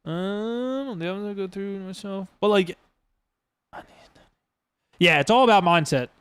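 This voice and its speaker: A man's voice: high-pitched, unhurried, smooth, no room sound. A man hosting a casual podcast monologue as a streamer, rambling and emphatic with lots of swearing. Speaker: streamer host.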